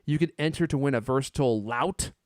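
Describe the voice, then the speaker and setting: A man hosting a podcast in casual chat, joking and animated, stumbling over fillers and restarts. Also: mid-range voice, quick pace, dry recording, studio quality. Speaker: podcast host.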